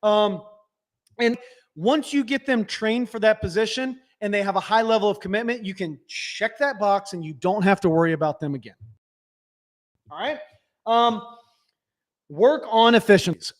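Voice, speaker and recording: A man coaching small business owners on a live stream, direct and instructive, often checking in with "right?". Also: high-pitched. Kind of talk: live webinar teaching.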